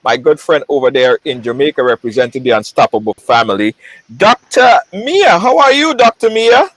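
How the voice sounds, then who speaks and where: High-voiced lively male show host. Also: moderate pace, no room sound, poor audio. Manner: lively, repeats phrases, greets viewers by name. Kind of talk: live online talk show hosting.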